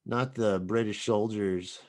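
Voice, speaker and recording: A man co-hosting a podcast, chatting casually, listing things slowly and restarting his words. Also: fairly low pitch, fairly even intonation, darkish tone. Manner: slow, trailing off, restarts words. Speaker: podcast co-host. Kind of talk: casual chat.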